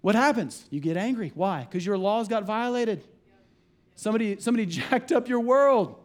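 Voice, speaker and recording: A man with a fairly high voice delivers a sermon from the pulpit. He preaches in an animated way, breaking into acted-out quotes and conversational asides. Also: normal speed. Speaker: pastor.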